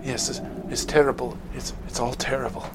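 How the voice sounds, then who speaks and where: A man's voice: fairly even intonation, fairly quick, background noise, close to an everyday voice. A man voicing a half-crazed, frightened man who stammers and repeats himself in a tabletop game. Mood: panicked. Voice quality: stammering, breathless and high. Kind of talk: tabletop role-play.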